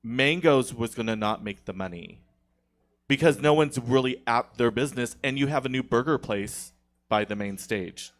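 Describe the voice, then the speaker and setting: A man's voice: mid-range voice, normal speed. A man as a guest on a podcast, telling a long, indignant story in casual studio chat, with many restarts.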